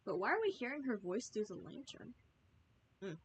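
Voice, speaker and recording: A woman's voice: fairly high pitch, sing-song, moderate pace, a little hiss or hum. A woman streaming a game, chatting and wondering aloud with little laughs as she plays. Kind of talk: live gameplay commentary.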